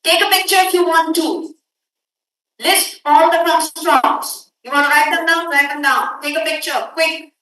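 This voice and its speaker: A woman teaching a workshop, lecturing students and briskly telling them to hurry up. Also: sits high, fairly even intonation, sharp tone. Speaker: workshop instructor. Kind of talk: classroom lecture. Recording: echoey room audio from far off.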